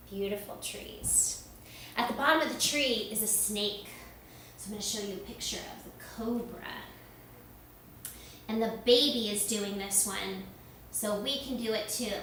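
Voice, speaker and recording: Gentle woman leading a kids' yoga class. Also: fairly high pitch, a little hiss or hum. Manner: gentle, encouraging, sing-song. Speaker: children's yoga teacher. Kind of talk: guided kids' yoga lesson. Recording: echoey room, recorded from a distance.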